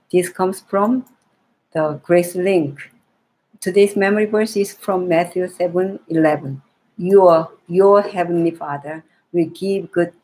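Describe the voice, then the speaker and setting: Slow, breathy woman reading to children. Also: lowish voice, poor audio. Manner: gentle reading with frequent restarts and repeated phrases. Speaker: children's Bible storyteller. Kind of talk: reading a children's Bible story aloud.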